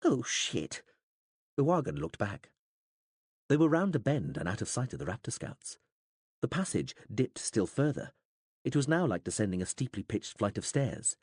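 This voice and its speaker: A man reading an audiobook aloud in dramatic, expressive scripted narration. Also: medium pitch, moderate pace, breathy edge, no echo, clean studio sound.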